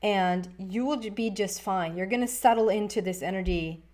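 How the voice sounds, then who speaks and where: Woman doing a tarot reading on camera, chatty and rambling, trips over words a lot, mid pitch. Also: normal speed, darkish tone. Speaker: tarot reader.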